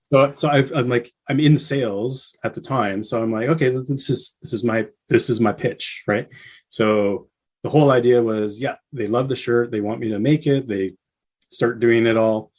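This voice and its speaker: A man guest on a casual podcast, telling a story with animated bursts when he quotes people. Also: moderate pace. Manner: animated storyteller, acts out quotes with rising pitch.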